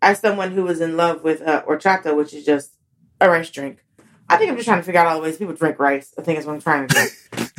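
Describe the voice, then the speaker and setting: Animated woman comedian, low-pitched. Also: fast. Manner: animated storyteller, swoops high when acting out moments. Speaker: comedian guest. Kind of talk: casual interview chat.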